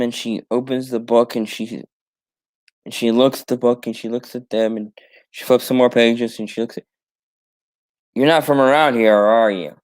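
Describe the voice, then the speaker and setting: A man hosting a talk show, casually pitching a fan script scene by scene with many fillers and restarts. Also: a little mellow. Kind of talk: casual rambling story pitch.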